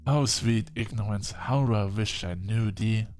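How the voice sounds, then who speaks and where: Snooty english vampire doc, cranky and sniffy, lowish voice, a man voicing him. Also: unhurried, a little mellow, soft background music, close to an everyday voice. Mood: scornful. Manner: haughty, scoffing. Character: prim aged English vampire doctor, irritable, snobbish.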